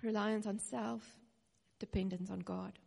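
A woman's voice: mid-range voice, fairly even intonation, measured pace, vocal fry, warm tone, husky. A woman in her thirties preaching a personal sermon, earnest and near tears, with nervous little laughs. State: close to tears. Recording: reverberant hall.

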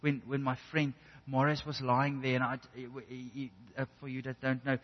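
A man's voice: mid-range voice, monotone, moderate pace. A man preaching a sermon in an earnest way, often restarting and repeating words as he builds a point. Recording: echoey hall, dull lo-fi sound.

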